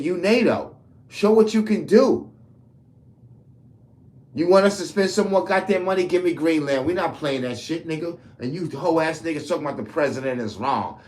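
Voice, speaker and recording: A man's voice: fairly high pitch, a little mellow. Heated profane man ranting. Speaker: commentator. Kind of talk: political rant to camera.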